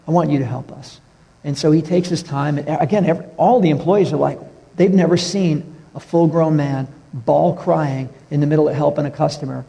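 A middle-aged man preaching a sermon as a pastor, telling stories and dropping to a soft hush for tender moments. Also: fairly high pitch, gravelly, breathy edge, long reverb tail. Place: church sanctuary.

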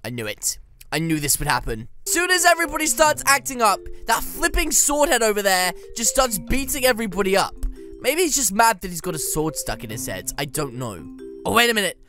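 A woman giving excited gameplay commentary as a gaming YouTuber, with playful mock trash talk. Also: mid-range voice, brisk, faint music behind.

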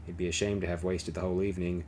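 A man reading the lines of a quiet, practical male pilot who murmurs. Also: low voice, level tone, rapid-fire, a little hiss or hum.

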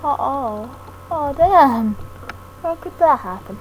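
A woman's voice: sits high, expressive, slow pace. A woman giving a hesitant, self-deprecating, rambling thank-you talk as a gaming YouTuber. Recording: noisy home mic recording.

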